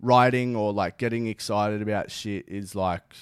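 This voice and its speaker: A young man, co-hosting a casual podcast chat, animated and swearing often. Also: fairly low pitch, moderate pace, smooth, no echo, studio quality. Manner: animated, swears a lot, many fillers. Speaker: podcast co-host.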